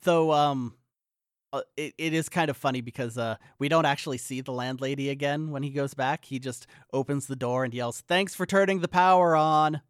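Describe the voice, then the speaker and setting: Male co-host, halting and wry, recorded dry and close. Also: medium pitch, fairly even intonation, no echo. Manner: halting, stammering, amused. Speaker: podcast co-host. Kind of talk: casual movie-recap chat.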